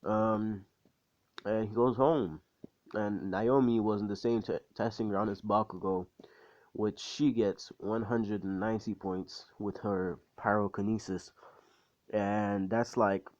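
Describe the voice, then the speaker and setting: A man's voice: lowish voice, steady tone, takes it slowly, darkish tone, lo-fi sound. A man casually retelling his own fan story in a loose, rambling way, full of slang and swearing. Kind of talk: casual spoken story recap.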